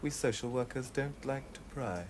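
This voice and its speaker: An actor playing a smooth, sly, flirtatious male club owner in a TV drama. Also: mid-range voice, normal speed, a little hiss or hum, lightly acted. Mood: smarmy. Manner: smarmy, flirtatious.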